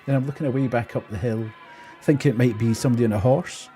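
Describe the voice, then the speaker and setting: A man's voice: medium pitch, fast talker, mellow, soft background music. A man, streaming and telling an exasperated story in casual chat while laughing often.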